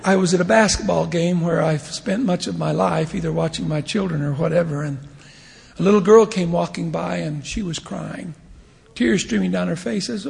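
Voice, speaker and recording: Speaking in a large hall, a church leader in his fifties gives a devotional talk as a humorous sermon. His voice is high, brisk, and creaky, and he animatedly tells stories, acting out the characters' voices and chuckling often.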